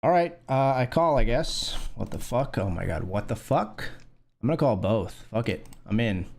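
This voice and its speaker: A man's voice: medium pitch, moderate pace, vocal fry. Rambling poker streamer guy, swearing casually. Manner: rambling, filler-heavy, profane; excitable when winning. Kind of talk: casual live-stream commentary.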